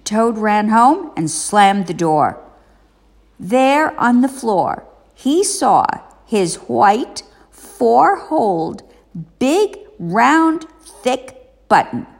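A woman reading a children's storybook aloud as a parent, expressive and deliberate. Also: a little high, long reverb tail.

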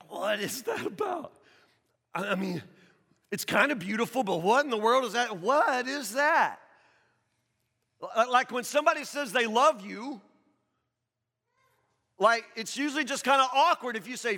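A man delivers a sermon in a strikingly high, sharp voice. He talks to the congregation conversationally, poses questions and hammers points home through repetition. His words ring out with a long echo through a large hall. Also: expressive, a little slow, long pauses. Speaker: pastor.

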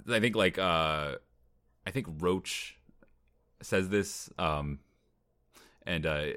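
Deep-voiced young man recapping a movie. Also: takes it slowly, long pauses, sharp tone, no echo, clean studio sound. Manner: wry, laughs while recapping scenes. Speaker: podcast co-host. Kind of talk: casual movie-review chat.

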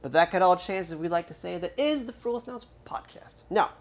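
A man's voice: high voice, expressive, dull audio. A man hosting a podcast in a small studio, joking at his own expense as he chats. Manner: jokey, self-deprecating, fast promo patter. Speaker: podcast host. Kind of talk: casual podcast chat.

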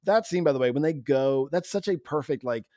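A man's voice: fairly high pitch, expressive, fairly quick, dark tone, no room sound, clean studio sound. Enthusiastic man on a film podcast. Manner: enthusiastic, storytelling, mimics people. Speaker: podcast co-host. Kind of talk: casual film discussion.

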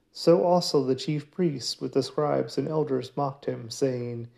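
A man giving a daily scripture reading in a measured, steady way. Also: medium pitch, gravelly. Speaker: scripture reader.

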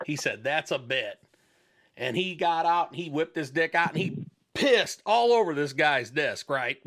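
A man's voice: on the high side, sharp tone. A man hosting a radio show, chatting casually and telling a long crude joke in a rambling, profane way. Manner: profane, rambling storyteller who voices the joke's characters.

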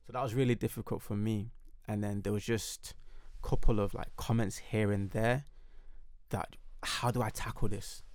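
A young man telling his story in a casual podcast chat, animated and emphatic. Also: lowish voice, normal speed, no room sound, clean studio sound. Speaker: podcast guest.

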